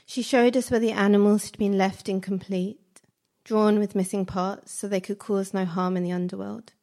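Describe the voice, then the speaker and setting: A woman reciting spoken word poetry in slow, measured, fragmented phrases. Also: mid-range voice, level tone, warm tone.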